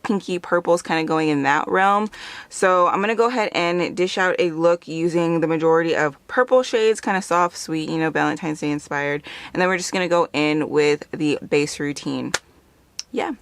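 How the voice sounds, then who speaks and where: Woman, makeup vlogger, low voice, chatty, laughs a lot, casual talk-through. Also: no echo. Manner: chatty, laughs often, filler words like "like" and "kinda". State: a bit out of breath.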